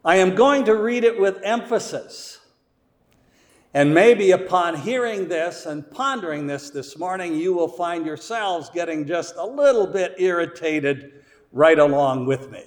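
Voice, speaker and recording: Slow, emphatic man preaching in a hall. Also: high voice, lively intonation. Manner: slow and deliberate, with strong emphasis on key words. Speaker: pastor. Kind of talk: sermon. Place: church.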